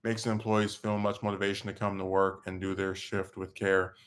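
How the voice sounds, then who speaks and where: A man's voice: sits low, a little fast. A man hosting a podcast, telling a rambling story in casual chat, with his voice jumping up when he gets worked up. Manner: rambling, animated, voice jumps up when excited. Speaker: podcast host.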